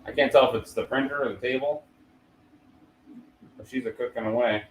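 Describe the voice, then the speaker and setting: A man in the middle pitch range chats loosely with his livestream viewers, rambling from thought to thought. Faint background noise sits under his voice. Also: fairly even intonation, a little fast, poor audio. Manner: laid-back, rambling, talks to chat. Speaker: 3D printing livestreamer. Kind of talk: casual livestream chat. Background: printer running.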